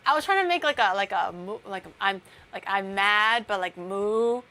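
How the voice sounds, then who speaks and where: A woman's voice: mid-range voice, big pitch swings, normal speed, fairly bright tone. A young woman streaming as a VTuber, chatting casually while she bakes at home, rambling through playful tangents with lots of fillers. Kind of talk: casual livestream chat while baking.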